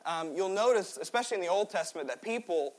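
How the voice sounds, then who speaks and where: A man in his twenties preaching a sermon in a church, swinging between loud exhortation and quiet, joking asides. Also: high voice, animated, fast talker. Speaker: pastor. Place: church sanctuary.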